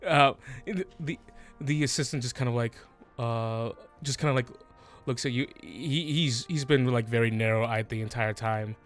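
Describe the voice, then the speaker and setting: A man's voice: mid-range voice, normal speed, faint music behind. Give me a man running a tabletop game who laughs often and talks loosely. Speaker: game master.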